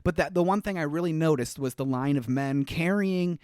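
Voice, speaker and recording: A man's voice: fairly high pitch, moderate pace, a little mellow, no echo, clean studio sound. A man co-hosting a podcast, recapping a movie in casual chat, rambling and hunting for words, laughing often. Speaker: podcast co-host.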